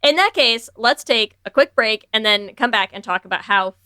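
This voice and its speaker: Woman co-host, casual movie recap, sharp bright voice a touch high, animated delivery. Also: normal speed, smooth, no room sound, studio quality. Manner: animated, swears freely, acts out characters' lines. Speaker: podcast co-host.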